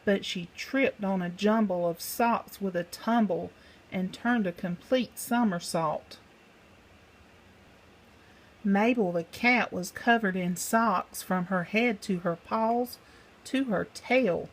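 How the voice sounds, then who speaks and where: Woman slowly reading a rhyming storybook. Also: medium pitch, low-quality recording. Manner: slow, rhythmic, sing-song delivery. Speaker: storybook reader. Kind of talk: rhyming picture-book narration.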